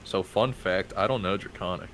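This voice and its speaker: A man playing a tabletop game, chatty and quick to laugh. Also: low-pitched, a bit bright, slight background noise. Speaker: player. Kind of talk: casual tabletop play.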